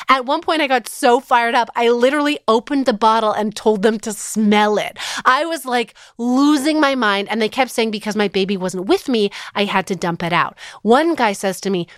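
High-voiced woman host telling a fired-up story. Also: lively intonation, moderate pace, no echo, clean studio sound. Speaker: podcast host. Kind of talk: animated storytelling.

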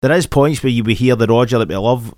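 A man's voice: mid-range voice, fast talker, a little mellow, no room sound, clean studio sound. A young Scottish man hosting a podcast, chatting casually in a blunt, sweary, mocking way. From Scotland. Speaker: podcast host. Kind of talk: casual chat.

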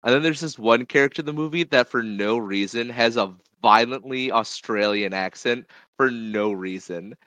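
A man co-hosting a casual movie chat podcast, halting with frequent ums and easy laughs. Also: mid-range voice, fairly bright tone, dry recording. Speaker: podcast co-host.

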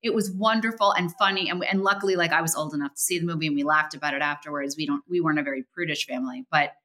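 Bright-voiced, animated woman guest. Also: low-pitched, racing. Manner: animated, lively storytelling with acted-out quotes. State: tearful. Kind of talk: casual interview chat.

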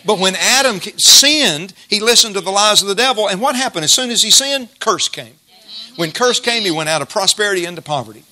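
Male preacher, fairly high voice, bright forceful tone, emphatic deliberate scripture reading. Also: lively intonation. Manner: emphatic, drawn-out scripture reading and call-and-response prompts. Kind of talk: sermon.

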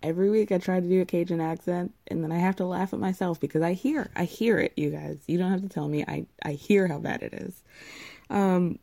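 A woman's voice: lowish voice, fairly quick, vocal fry, mellow, dry recording. A young woman recapping a reality show in casual, sarcastic chat, blunt and swearing freely.

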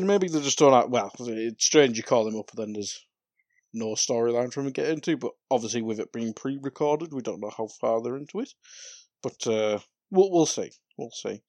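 A man's voice: medium pitch, dry recording. Rambling man with a dry voice. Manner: relaxed, rambling, laughs often, sighs. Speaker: podcast co-host. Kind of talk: casual wrestling chat.

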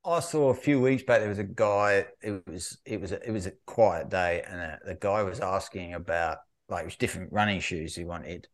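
A man co-hosting a podcast, telling a lively story in casual chat. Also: moderate pace, few pauses. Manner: animated storyteller, mimics shop staff with raised pitch. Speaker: podcast co-host.

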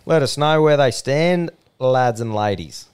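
A man's voice: medium pitch, animated, measured pace, a little mellow, clear, resonant tone. A young man with an Australian accent, co-hosting a podcast and telling blunt, sweary yarns in casual banter. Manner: blunt, sweary, laid-back yarn-spinning. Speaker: podcast co-host.

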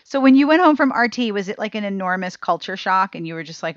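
A woman's voice: mid-range voice, lively intonation, fast talker, lo-fi sound. A woman hosting a podcast interview, chatting casually, encouraging her guest and laughing along. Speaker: podcast host.

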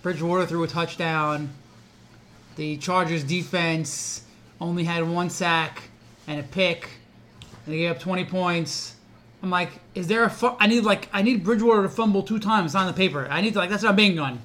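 A man's voice: high-pitched, fairly quick, fairly bright tone, a little hiss or hum. A man co-hosting a podcast, trading blunt, joking banter with plenty of swearing. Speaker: podcast co-host. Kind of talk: casual chat.

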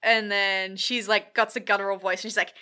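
A woman casually recapping a film, animated and full of "like", acting out bits of dialogue. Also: mid-range voice, fairly quick. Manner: animated, peppered with "like", acts out quotes.

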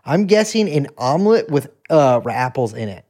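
A man's voice: mid-range voice, very animated, normal speed, a little mellow. A man hosting a podcast, chatting casually in a jokey, teasing way. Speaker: podcast host. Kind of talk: casual chat.

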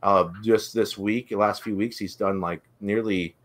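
A man's voice: lowish voice, steady tone, measured pace. A man in casual chat about his work, enthusiastic and going on and on. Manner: enthusiastic, goes on and on. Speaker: guest vendor.

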